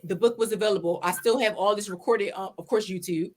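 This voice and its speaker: A woman, a podcast guest, telling her story in a casual interview from her home office over a video call, animated and acting out her own past words. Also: medium pitch, fast talker. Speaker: podcast guest, pageant winner and salon owner.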